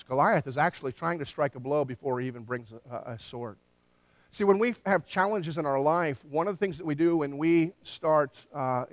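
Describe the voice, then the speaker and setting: A man delivers a sermon with a slightly higher pitch than most men, and his voice is captured dry and close with little room sound. He tells the story with animated energy and briefly acts out the quoted lines. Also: no echo. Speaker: pastor.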